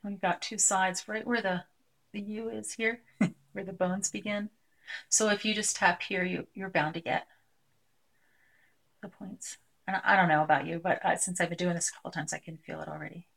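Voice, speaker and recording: A woman presenting a live workshop, talking through a technique with many pauses and fillers. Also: lowish voice, steady tone, gravelly, fairly bright tone. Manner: hesitant, filler-heavy, demonstrates by voicing a client. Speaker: clinician presenting a tapping technique.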